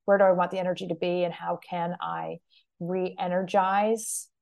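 A woman's voice: lowish voice, flat delivery, moderate pace, creaky, darkish tone. Affirming woman interview host. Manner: affirming, reflective questioner. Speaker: interview host and media coach. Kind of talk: conversational interview.

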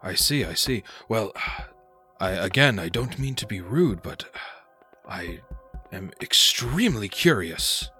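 A man putting on a courteous old-world snail-man who rules a manor in a tabletop role-playing game. He speaks formally and politely, pausing often, in a lowish, bright, forceful voice with faint music behind. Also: big pitch swings, full character voice.

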